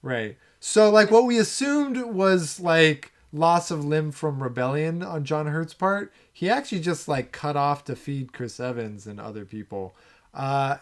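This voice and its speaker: A man co-hosting a film podcast, talking through scenes in a relaxed, rambling way with lots of fillers. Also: fairly high pitch. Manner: relaxed, thinking aloud with many fillers. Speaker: podcast co-host. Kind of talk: casual film discussion.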